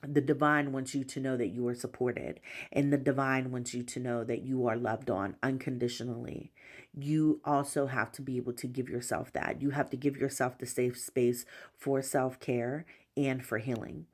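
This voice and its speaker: A woman tarot reader giving a spiritual collective reading, talking gently and reassuringly in repeated affirmations, with frequent "you know" fillers. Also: a bass voice, steady tone, normal speed.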